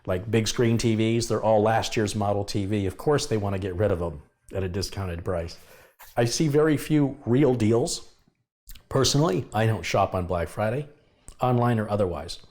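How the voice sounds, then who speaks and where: A man's voice: on the low side, moderate pace, darkish tone. A middle-aged man from the US hosting a live tech review stream, chatting with viewers, greeting them by name and adding wry asides. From United States. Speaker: tech channel host.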